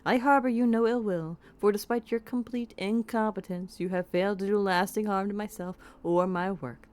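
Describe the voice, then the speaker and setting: A woman's voice: medium pitch, steady tone, normal speed, darkish tone, close to an everyday voice. A woman with a put-on Southern American accent voicing a haughty male mage who writes off his apprentice. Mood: condescending.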